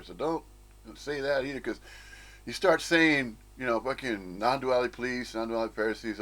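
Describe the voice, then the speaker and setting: A man's voice: medium pitch, a bit bright. Blunt, profane man ranting. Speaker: spiritual commentator. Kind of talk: ranting monologue.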